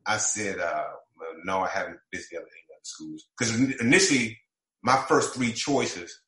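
A former college basketball player telling an animated story, acting out the quoted lines of the conversations he recalls. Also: on the low side, normal speed, reverberant, poor audio.

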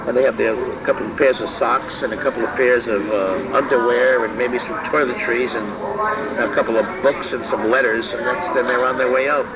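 A man thoughtfully recalling the past, speaking in a halting, reflective way outdoors. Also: mid-range voice, fairly even intonation. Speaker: interviewee. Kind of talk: reflective recollection. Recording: loud street noise behind.

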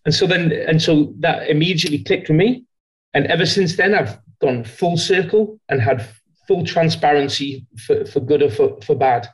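A man's voice: fairly high pitch, normal speed, low-quality recording. A man who is a guest sales leader, telling stories in a podcast interview with many restarts and quoted voices. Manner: rambling, self-reflective storytelling with many restarts; slips into quoted voices and an American impression.

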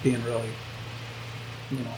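A man's voice: mid-range voice, flat delivery, measured pace, a little mellow, slight background noise, low-quality recording. A man guest on a podcast, speaking thoughtfully and hesitantly with many fillers. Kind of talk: casual podcast chat.

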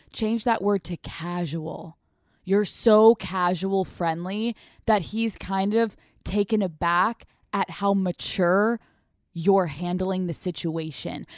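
A young woman gives advice on a podcast, blunt and foul-mouthed, breaking into quick laughs as she goes. She sits at mid pitch, close to the mic, in a dry, dead room. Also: darkish tone, dry recording. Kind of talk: casual advice talk answering listener letters.

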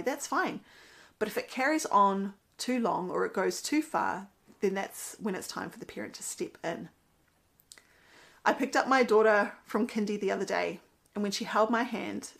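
A woman's voice: medium pitch, gravelly, fairly bright tone. Earnest chatty mother. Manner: earnest, chatty, laughs at her own stories. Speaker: mother giving parenting commentary. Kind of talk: casual monologue with Bible quotes.

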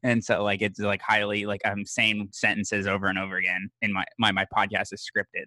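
A man's voice: on the low side, steady tone, normal speed, bright, forceful tone, no echo. An American man, a history podcaster, chatting casually in a rambling, self-deprecating way with many fillers. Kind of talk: casual conversation.

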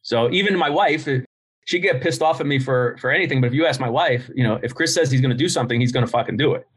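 A man's voice: mid-range voice, fast, husky. A middle-aged man, a podcast guest and business founder, telling stories bluntly in casual interview talk and swearing freely.

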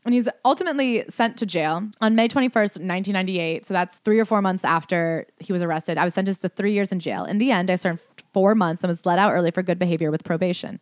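A woman's voice: lowish voice, dry recording, clean studio sound. A woman co-hosting a podcast, reading passages aloud and reacting with sarcastic disbelief. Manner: fast, incredulous, sarcastic. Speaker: podcast co-host. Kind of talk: reading aloud and commenting in casual chat.

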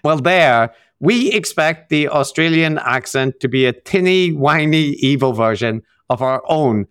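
A man's voice: a little high, lively intonation, a little slow, fairly bright tone, smooth, dry recording, studio quality. A man with an Irish accent, co-hosting a podcast in casual, sardonic banter and laughing often. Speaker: podcast co-host.

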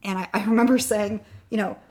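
A woman's voice: mid-range voice, steady tone, fairly quick, darkish tone. A woman in an interview, candidly telling a long personal story and getting choked up at times. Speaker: guest sharing her fertility story.

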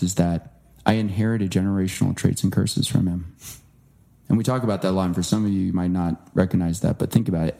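Gravelly low-voiced man telling his story. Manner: earnest, animated impressions when quoting. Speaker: guest author. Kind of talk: storytelling interview talk.

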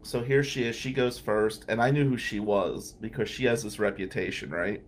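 A man's voice: lowish voice, steady tone, moderate pace, a little hiss or hum. A man telling a candid, wry personal story as a podcast host, laughing now and then between lines. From New Jersey.

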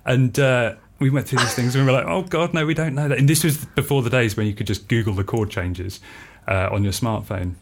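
A man, a freelance composer, telling anecdotes in a casual interview, animated and laughing often as he acts out what people said. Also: medium pitch, fairly quick, slightly rough. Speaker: freelance composer and musician, podcast guest.

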